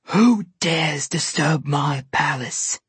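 A woman voicing a slow, menacing ice queen. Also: low voice, breathy edge, no room sound, exaggerated voice. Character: cruel blind female ice queen, imperious.

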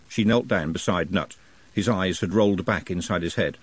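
A man narrating an audiobook in an expressive, wry manner, recorded close to the mic. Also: low-pitched, normal speed, breathy edge, no echo. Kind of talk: scripted narration.

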